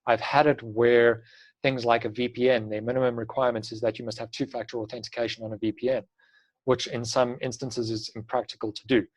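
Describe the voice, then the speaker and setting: A man teaching an online class, sounding brisk and practical as he gives advice. His voice sits at an ordinary middle pitch for a man. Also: level tone, rough recording. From South Africa. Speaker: instructor.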